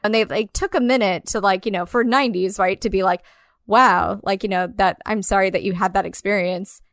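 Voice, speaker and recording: A woman's voice: medium pitch, fairly even intonation, quick pace, no echo, clean studio sound. A woman co-hosting a podcast, chatting casually about a film with lots of "like"s and easy laughs. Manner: filler-heavy, many "like"s, laughs easily. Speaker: podcast co-host.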